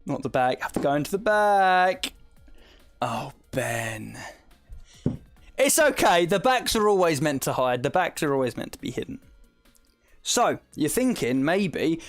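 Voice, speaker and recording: Soft music sits under a man's slightly high, sing-song voice as he streams at a moderate pace. He's from the south of England with an Essex accent, and he chats casually, explains a task, reads out the chat and laughs a lot.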